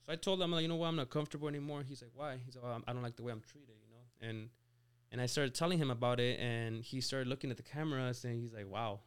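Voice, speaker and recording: An auto shop owner in his twenties from Mexico shares his story as a podcast guest, chatting casually with plenty of "like," "you know," and restarted words. He speaks fast at medium pitch, with fairly even intonation and a clean tone.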